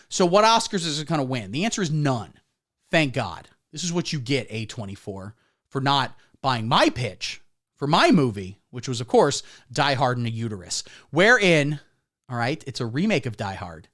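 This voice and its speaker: This livestream comedy host, a man with a medium-pitched voice, speaks at a moderate pace. He plays a mock pundit in a satirical monologue, dropping deadpan asides throughout.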